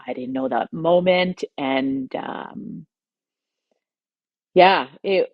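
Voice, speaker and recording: A woman guest on a podcast, telling a personal story in a heartfelt way, pausing and choking up at times. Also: on the low side, very animated, vocal fry, no echo, muffled recording. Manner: heartfelt, pauses and chokes up while recounting.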